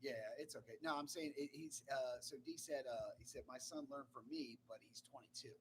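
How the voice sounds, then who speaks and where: A man from Delaware co-hosting a casual live chat, excitable and quick to laugh. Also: medium pitch, slight background noise. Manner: excitable, laughing, loud outbursts. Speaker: podcast co-host.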